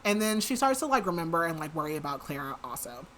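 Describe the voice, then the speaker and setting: A woman with a deep, fairly bright, sing-song voice hosts a podcast and quickly recaps a book's plot. Her casual, chatty retelling is packed with fillers, especially "like," and a little hiss or hum sits under the audio.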